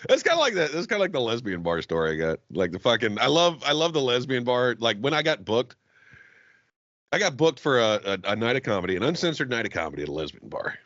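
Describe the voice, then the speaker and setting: Lively, profane male comedian host. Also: a little fast, no room sound, dull audio. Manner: profane storytelling, laughs often, lively swings in pitch. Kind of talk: casual podcast banter.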